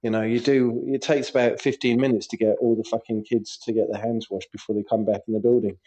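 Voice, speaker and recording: A man co-hosting a casual football podcast, telling animated stories with lots of laughter and swearing. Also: fairly low pitch, quick pace. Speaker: podcast co-host; primary school teacher.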